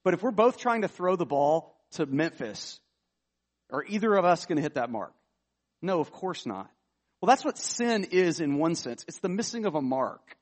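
A male pastor delivers a sermon in a relaxed, conversational way. His voice sits a little high for a man. When he reads scripture, he pushes harder and lifts his emphasis. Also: normal speed. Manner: conversational preaching, rising emphatic on scripture readings.

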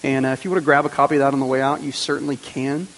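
A man's voice: mid-range voice, fairly even intonation, very fast, fairly bright tone. A man preaching a sermon to his congregation, earnest, with repeated phrases and rhetorical questions. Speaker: pastor. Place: church sanctuary. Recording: long reverb, faint hiss.

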